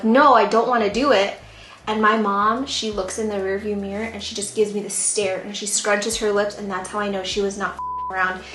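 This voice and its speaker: A woman's voice: medium pitch, slight background noise. A tipsy young woman telling a story animatedly at home, full of "like", while she repots plants. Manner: animated, filler-heavy "like" storytelling. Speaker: plant vlogger. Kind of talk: casual storytelling. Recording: echoey room with background music.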